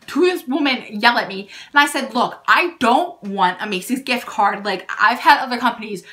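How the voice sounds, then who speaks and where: A young woman telling a storytime vlog, indignant and animated, peppering her speech with "like". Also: on the high side, moderate pace, a little hiss or hum. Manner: animated and indignant, heavy use of "like". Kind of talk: storytime vlog, casual retelling.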